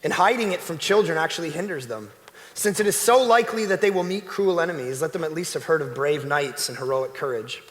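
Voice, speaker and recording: A man preaching a sermon as a pastor, animated, swinging between loud exclamations and hushed emphasis. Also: sits high, big-room sound. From Canada. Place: church sanctuary.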